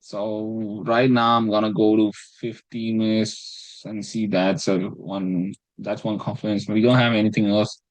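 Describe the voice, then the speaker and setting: A man with a fairly low, flat voice talks a little slowly yet barely pauses, captured on a dry, rough recording. In a casual screen-recorded trading breakdown, he rambles over his week's trades, running himself down, swearing, and starting phrases over.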